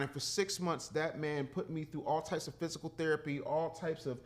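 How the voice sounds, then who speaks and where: High-voiced emphatic man in his fifties. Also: steady tone, moderate pace. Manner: emphatic, preachy, swears freely, acts out quotes. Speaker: podcast guest, entrepreneur. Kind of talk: casual podcast talk.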